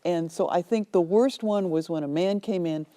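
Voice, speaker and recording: A woman author telling lively anecdotes in a TV studio interview, acting out the people in them. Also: on the low side, normal speed. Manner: animated storyteller, acts out quoted voices. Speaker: author guest.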